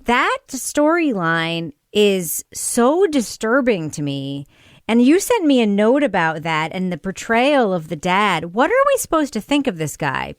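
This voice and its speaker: A woman's voice: medium pitch, no room sound, studio quality. A woman co-hosting a podcast in casual chat, thinking aloud and posing questions with lots of "like" fillers. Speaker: podcast co-host. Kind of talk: casual chat reviewing a TV series.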